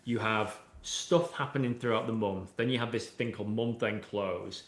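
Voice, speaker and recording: A man's voice: on the low side, steady tone, moderate pace. Chatty man in an echoey room. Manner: explains at length with frequent "you know" and "right?". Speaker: AI and automation expert, podcast guest. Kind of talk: conversational interview answers. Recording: roomy echoey room sound.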